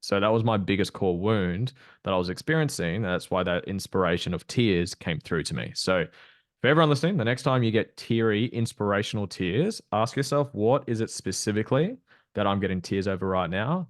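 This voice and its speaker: A man's voice: lowish voice, animated, a little fast, no echo, studio quality. A young Australian man talking candidly in a casual podcast conversation as a guest coach, loose and chatty with the odd swear.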